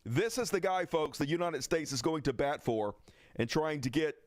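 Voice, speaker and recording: Male host for a political rant stream; fiery, crude, sarcastic, a touch high-pitched. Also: moderate pace, no room sound. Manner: angry, profane, sarcastic. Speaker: livestream host.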